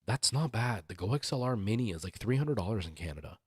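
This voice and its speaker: A man's voice: fairly low pitch, lively intonation, fast, breathy edge, no room sound, clean studio sound. Man streamer rambling about audio gear. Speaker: livestream host. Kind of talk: casual chat.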